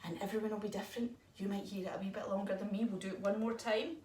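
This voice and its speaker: A woman's voice: medium pitch, quick pace, very noisy. Lady teaching kids yoga, sing-songy and upbeat, echoey room, mic kinda far. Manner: animated, encouraging, sing-song. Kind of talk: storytelling yoga lesson for children.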